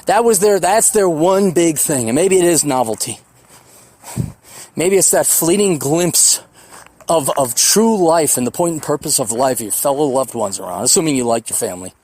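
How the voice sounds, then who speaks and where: A man in his forties talks alone into his podcast mic, drifting from memory to musing. His voice sits a little high for a man. He swears freely and wanders in a loose, reflective ramble. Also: lively intonation, a little mellow. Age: 40s. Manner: rambling, profane, reflective, mocks others in quick put-on voices. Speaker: podcast host. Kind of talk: solo podcast monologue.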